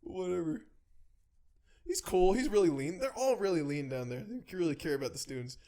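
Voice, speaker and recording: A man in his twenties co-hosting a casual podcast chat, telling profane stories, laughing often and acting out shouting voices. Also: sits high, moderate pace. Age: 20s. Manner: animated storytelling, acts out loud shouting voices. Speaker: podcast co-host.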